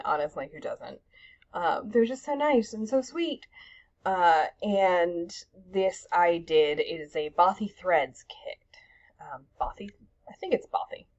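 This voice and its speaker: A woman's voice: on the low side, darkish tone, lo-fi sound. A young woman chatting casually about her cross-stitch projects at home, rambling with lots of ums and self-deprecating asides. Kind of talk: casual show-and-tell chat.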